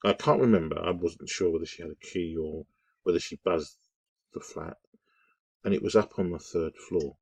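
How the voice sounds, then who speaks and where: A man telling a story in a casual, rambling monologue, animated and full of restarts. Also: deep voice, normal speed, husky, dry recording.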